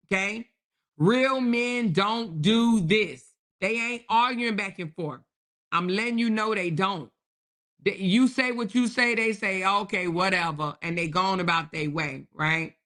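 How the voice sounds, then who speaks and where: A woman hosting a live stream, commenting sassily and reading chat messages while calling viewers "baby" and "honey," with frequent laughter. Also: medium pitch. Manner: sassy, animated, peppered with endearments; laughs often between remarks. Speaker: host.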